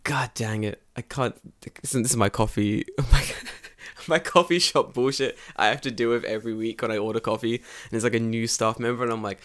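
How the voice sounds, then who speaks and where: A man's voice: medium pitch, brisk. A man co-hosting a casual podcast, talking into a podcast mic. He swears freely and acts out quoted exchanges as he tells stories. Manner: profane, animated storytelling with acted-out quotes. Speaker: podcast co-host. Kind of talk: casual chat.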